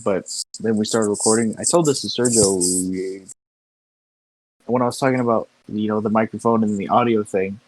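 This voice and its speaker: A man's voice: on the low side, fairly even intonation, normal speed, a little mellow, no echo, poor audio. A young man co-hosting a podcast, chatting casually in an easygoing way, often restarting and repeating words, recorded in a car. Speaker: podcast co-host. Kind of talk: casual chat. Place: inside a car.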